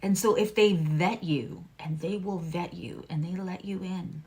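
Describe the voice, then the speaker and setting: Chatty low-voiced woman reading tarot. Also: unhurried. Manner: chatty and candid, swears freely, drops into hushed asides. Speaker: astrologer and tarot reader hosting a live stream. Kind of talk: casual live-stream tarot reading.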